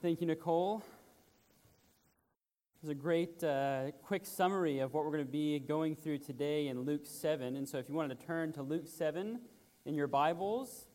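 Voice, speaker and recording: A male pastor opening a sermon in a church in a relaxed, plain way. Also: fairly high pitch, moderate pace, in a large hall. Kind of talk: sermon introduction.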